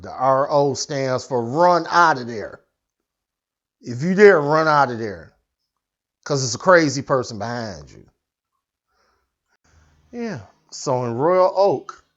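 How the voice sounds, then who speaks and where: A man's voice: medium pitch, dull audio. A man hosting a satirical news show, telling the story as a dramatic, slangy comedic rant.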